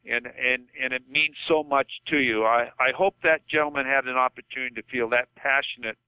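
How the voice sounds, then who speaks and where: Older male coach calling in by phone, earnest and heartfelt, crisp voice through a tinny line. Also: mid-range voice, steady tone, a little fast, dry recording. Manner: passionate, repeats himself, says okay. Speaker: football coach guest. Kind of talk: podcast phone-in chat.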